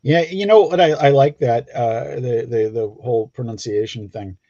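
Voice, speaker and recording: A man joins a live stream as a guest and chats in a friendly, halting way. His audio is dull and muffled, with a dry, close sound. His pitch sits mid range. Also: warm tone, no echo. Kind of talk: casual live-stream chat.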